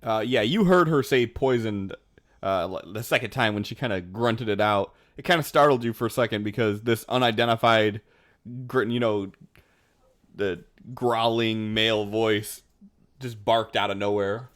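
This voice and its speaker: A man narrating as dungeon master for a tabletop game in a relaxed, wry manner. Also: lowish voice, moderate pace.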